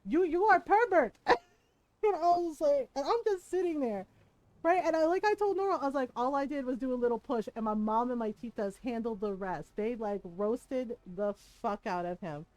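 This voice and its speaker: A woman's voice: on the high side, fairly quick, mellow, no room sound. A woman in her forties, streaming a game, telling family stories in a candid, laughing way and swearing freely. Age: 40s. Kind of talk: casual storytelling chat.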